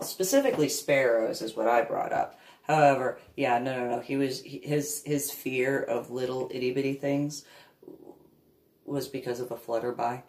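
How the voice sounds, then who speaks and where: A woman's voice: extremely low pitch, darkish tone. A woman, a reverend and author, casually telling family stories in a meandering way, often laughing. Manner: meandering, laughs often, baby-talk when quoting herself to her dog. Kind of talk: casual personal storytelling. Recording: echoey room.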